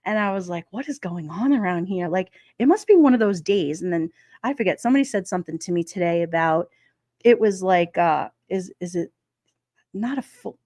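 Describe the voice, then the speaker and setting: A woman's voice: lowish voice, a little fast, a little mellow, no room sound, studio quality. A woman hosting a livestream, rambling through casual anecdotes for her chat and laughing often. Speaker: livestream host. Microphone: streaming microphone.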